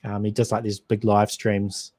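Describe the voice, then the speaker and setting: Hosting a relaxed whisky livestream, this New Zealand man speaks at normal speed in a lowish, monotone, slightly mellow voice. He chats amiably, wanders off on tangents, and responds to comments from viewers as he reads them aloud.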